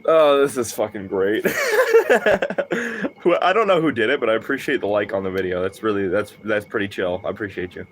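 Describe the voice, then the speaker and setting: A man's voice: on the low side, fast, few pauses, a little hiss or hum. A man chatting casually on a livestream, rambling and swearing, full of fillers and laughing asides.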